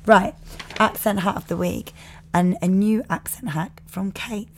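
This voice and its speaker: A woman's voice: mid-range voice, unhurried, slight background noise. A woman co-hosting a podcast in casual chat, rambling and self-deprecating, sitting back from the mic in a home cinema room. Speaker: podcast co-host. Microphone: sitting back from the microphone.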